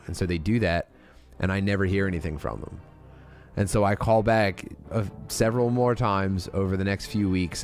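A man telling a rambling, profane comedy story on a live stream, full of restarts and asides. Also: on the low side.

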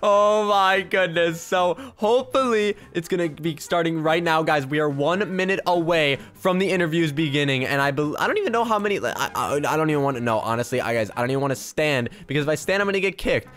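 A young man giving excited, chatty gameplay commentary, talking straight to his viewers. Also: fairly high pitch, fairly quick, few pauses. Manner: excitable, chatty, addresses viewers as guys and bro. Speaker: gaming YouTuber.

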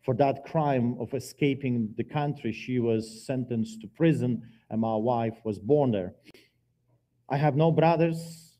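Man, testimony sermon, church, dark mellow tone, dramatic emphatic storytelling. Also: medium pitch, measured pace. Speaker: guest preacher giving testimony.

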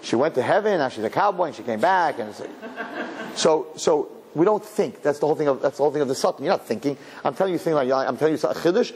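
A male rabbi giving a lively, humorous sermon full of rhetorical questions and Hebrew and Yiddish terms. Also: on the high side, fast, husky.

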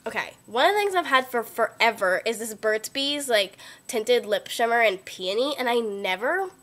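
Excitable young woman gushing about makeup. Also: a little high, moderate pace. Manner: gushing, excitable, lots of "like" and "oh my God". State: sick, voice lower than usual. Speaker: beauty vlogger. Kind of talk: casual chat. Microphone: built-in computer webcam mic.

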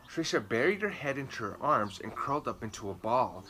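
A male educator reading a children's picture book aloud, expressive, with dramatic swings between soft, slow passages and louder, livelier ones. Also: medium pitch, slight background noise. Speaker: storytime reader and educator.

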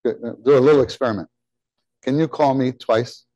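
A male preacher delivers an animated, conversational sermon, often putting questions to his listeners. He swings between emphatic, almost shouted words and soft, hushed asides, and his voice sits at a middling pitch. The sound is close and dry, with no room echo. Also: normal speed. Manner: animated, rising to near-shouts on key words; drops into soft, quiet asides when quoting God.

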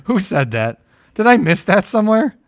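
A man's voice: sits high, very animated, normal speed, no room sound. A man from Ohio co-hosting a casual live-stream chat, joking and riffing with his co-host. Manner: joking, riffs into loud impressions.

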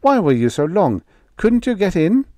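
Guy doing a chirpy carefree alien dog, high and bouncy. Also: big pitch swings, normal speed, darkish tone, no room sound. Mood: easygoing. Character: carefree male alien shapeshifter in dog form.

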